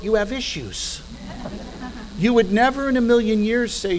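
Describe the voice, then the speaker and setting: A man's voice: high voice, moderate pace, a little hiss or hum. A middle-aged man giving a persuasive talk from a podium in a church hall, asking rhetorical questions and adding dry humorous asides. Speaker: guest speaker.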